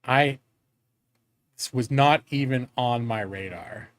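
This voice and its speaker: A man's voice: medium pitch, slow, fairly bright tone, dry recording. A man in his forties chatting casually on a live stream, rambling and candid, swearing freely and joking at his own expense. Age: 40s.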